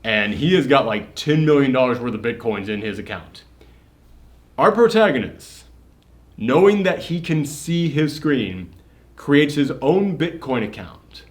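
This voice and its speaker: A man reviewing a horror film in casual spoiler chat, animated and swearing, with lots of fillers. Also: medium pitch, a little slow.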